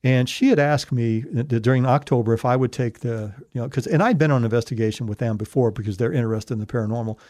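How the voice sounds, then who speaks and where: A man's voice: mid-range voice, fast talker, hardly any pauses, a little mellow, dry recording, studio quality. A man recounting a paranormal investigation in a casual, rambling way, full of fillers and restarts. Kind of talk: casual storytelling.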